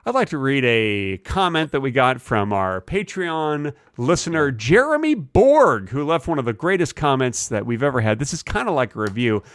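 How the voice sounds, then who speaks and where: A man co-hosting a comedy podcast, riffing absurd bits with deadpan delivery. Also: moderate pace, few pauses, smooth, no echo, studio quality. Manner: deadpan absurd, animated pitch swings. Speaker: podcast co-host. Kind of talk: improvised comedy banter.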